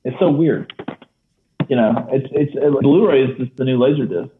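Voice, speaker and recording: A man co-hosting a casual film discussion podcast, animated and laughing often. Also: medium pitch, moderate pace, reverberant, background noise. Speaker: podcast co-host. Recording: tinny phone-like line.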